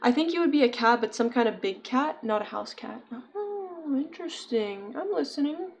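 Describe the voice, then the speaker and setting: A woman's voice: fairly high pitch, brisk, vocal fry, slight background noise. Chatty young woman streaming, giggly. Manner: chatty, giggly, reads and answers chat. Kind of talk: casual chat while crocheting.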